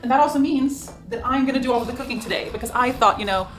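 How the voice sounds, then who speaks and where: Soft-spoken woman vlogging. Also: a little high, fast talker, noisy background. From Norway. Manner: soft, cooing, talks sweetly to partner and pets. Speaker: lifestyle vlogger. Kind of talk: vlog narration.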